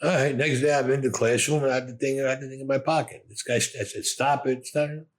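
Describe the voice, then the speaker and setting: Speaking fast in a steady, medium-pitched voice, an older Brooklyn native being interviewed tells tales from his younger days. He's blunt and gruff, with a thick Brooklyn accent, and curses often throughout.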